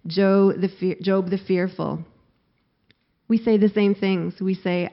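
A middle-aged woman pastor preaches a sermon, acting out quoted laments with mounting force. Her medium-pitched voice is slow and steady, captured in a slightly dull lo-fi recording.

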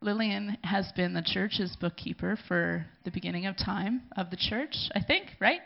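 A woman with a gravelly, creaky edge to her voice gives an emotional thank-you speech at a church gathering. She speaks haltingly and pauses to collect herself. The recording sounds dull and lo-fi. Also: mid-range voice. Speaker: church community leader. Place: gathering in a room.

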